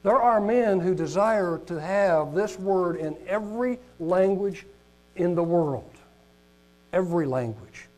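A man preaching a sermon who reads long lists aloud, stumbling over pronunciations and rising to loud emphatic peaks before dropping low and quiet. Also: animated, takes it slowly, low-quality recording. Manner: rises in pitch and volume on emphatic points, drops low and soft on solemn ones. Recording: mains hum in background.

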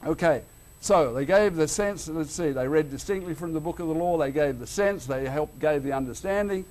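High-voiced Australian preacher, animated. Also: male voice, moderate pace. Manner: animated, swings between loud and hushed. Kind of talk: sermon.

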